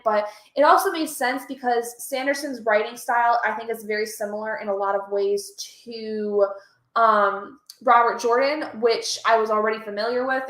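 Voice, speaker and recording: A woman whose voice is on the high side and a bit bright, heard in a roomy space, hosts a reading stream. As a livestream host, she chats casually, reads chat messages aloud, and is easily moved, coming across as chatty and emotional.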